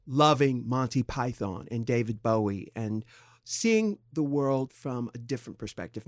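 A middle-aged man from San Diego, co-hosting a podcast in candid, casual talk, thoughtful and halting with expressive swings in pitch. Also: dry recording, clean studio sound. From San Diego, California. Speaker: podcast co-host.

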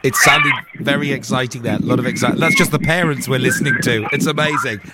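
A man's voice: medium pitch, fast, heavy background noise. A man hosting a school community radio show, chatting enthusiastically and exclaiming often.

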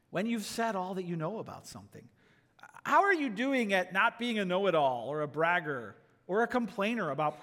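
Animated male pastor preaching in a hall. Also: sits high. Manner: animated preaching, rhetorical questions, drops soft for quoted asides. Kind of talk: sermon. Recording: long echo of a large hall.

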